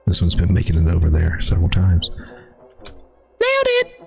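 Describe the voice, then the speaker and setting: A man's voice: sits low, completely flat delivery, quick pace, vocal fry, darkish tone, faint music behind. A man hosting a live crypto stream, talking through charts in a folksy, rambling way with lots of restarts. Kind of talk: casual live market commentary.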